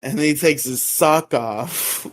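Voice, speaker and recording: A man co-hosting a casual podcast, retelling episodes with filler words and quick high-pitched character impressions. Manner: lively retelling, jumps into exaggerated high voices for characters. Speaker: podcast co-host recapping episodes. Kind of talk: casual recap chat.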